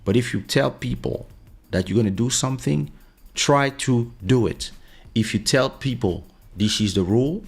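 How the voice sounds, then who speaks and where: A man's voice: mid-range voice, normal speed, vocal fry, slightly rough. A middle-aged man hosting a podcast, talking casually and telling a story, often saying "listen". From France. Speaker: podcast host. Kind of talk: casual monologue.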